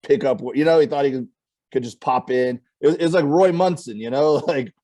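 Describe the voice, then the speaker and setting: A man's voice: medium pitch, brisk. A man, a comedian, telling stories in a casual chat and acting out the people in them. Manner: animated storyteller, acts out quoted voices. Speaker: comedian guest. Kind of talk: casual storytelling.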